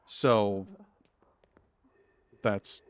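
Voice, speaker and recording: A man's voice: lowish voice, steady tone, drawn-out words, slight background noise. A man from Massachusetts with a New England accent, chatting casually as he streams a video game. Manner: chatty, rambling, self-deprecating asides. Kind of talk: live game commentary.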